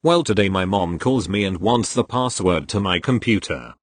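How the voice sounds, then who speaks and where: A man with a somewhat low voice reads posts aloud as scripted narration. His delivery stays steady and even from line to line. The sound is dry, with no room around it. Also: normal speed, no echo. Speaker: reader of online posts.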